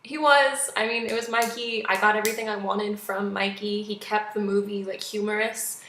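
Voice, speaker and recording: A young woman giving a chatty, animated movie review in a casual vlog, acting out quotes now and then. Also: medium pitch, normal speed, a little hiss or hum. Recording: echoey room.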